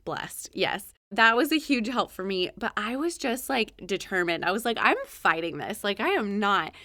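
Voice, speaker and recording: A woman's voice: mid-range voice, expressive, normal speed, pushed and bright, no echo, studio quality. A woman hosting a solo podcast, talking energetically and acting out her own thoughts in quotes. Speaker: podcast host. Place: home office.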